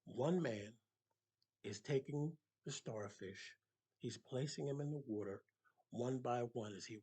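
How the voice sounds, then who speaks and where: A man's voice: medium pitch, darkish tone, husky. An older man giving an impassioned motivational monologue, emphatic and preacherly, rising to passionate peaks. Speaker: motivational speaker.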